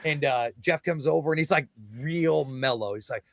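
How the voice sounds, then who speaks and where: A young man, a guest wrestler, telling stories in a podcast interview, excited and full of swearing, shouting out the quotes he acts out. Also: a little high, moderate pace, creaky, hardly any pauses, dry recording. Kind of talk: casual storytelling in a podcast interview.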